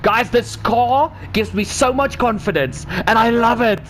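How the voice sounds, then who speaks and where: A man giving excited commentary while he drives laps in a racing game, exclaiming and repeating himself. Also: extremely high pitch, unhurried, slight background noise. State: talking while driving laps.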